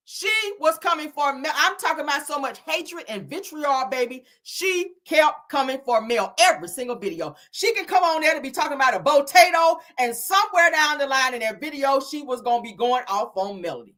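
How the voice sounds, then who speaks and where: A woman's voice: high voice, expressive, moderate pace, pushed and bright. A woman hosting reality TV commentary, blunt and scolding, with frequent swearing. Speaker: commentary host.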